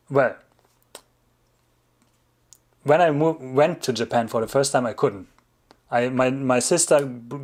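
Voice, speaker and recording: German-accented man chatting on a livestream. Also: medium pitch. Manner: relaxed, chuckling, often restarts and rephrases mid-sentence. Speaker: livestream host answering chat questions. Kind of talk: casual livestream chat.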